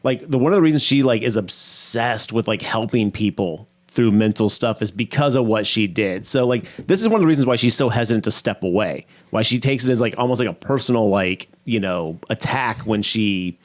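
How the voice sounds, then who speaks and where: A man's voice: on the low side, brisk, hardly any pauses. A man co-hosting a podcast, chatting casually and rambling as he recaps movie scenes. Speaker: podcast co-host.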